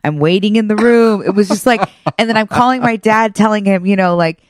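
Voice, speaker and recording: A woman's voice: mid-range voice, brisk, no room sound, studio quality. A woman co-hosting a casual podcast, telling family stories with lots of laughter. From Persian family. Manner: laughing often, animated storytelling. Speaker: podcast co-host. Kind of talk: casual chat.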